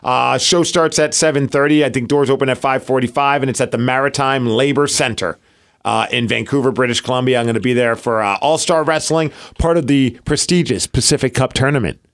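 A man's voice: mid-range voice, a little fast. A man in his thirties co-hosting a podcast in casual chat, upbeat and plugging his own shows. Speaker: podcast co-host.

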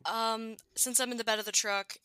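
A woman's voice: fairly high pitch, fairly even intonation, moderate pace, pushed and bright, clean tone, no echo. A woman playing in a tabletop game, asking questions hesitantly. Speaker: player.

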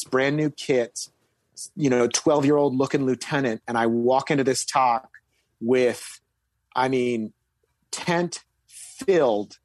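Telling a laid-back story about his time in the military, this male guest wanders through fillers and false starts before abruptly stressing important words. His voice is medium-pitched and a little mellow, with no room sound in the recording.

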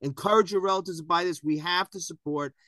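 A man's voice: sits high, fast, bright, forceful tone. A man co-hosting a podcast, talking in an emphatic, pushy, enthusiastic way. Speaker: podcast co-host. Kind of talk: casual podcast chat.

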